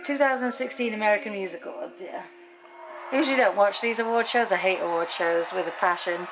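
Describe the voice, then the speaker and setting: Woman, British accent, middle-aged, casual vlog chat at home, gravelly fry, music in the background. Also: medium pitch, brisk, poor audio. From Britain. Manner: chatty, candid, talks to viewers directly. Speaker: vlogger.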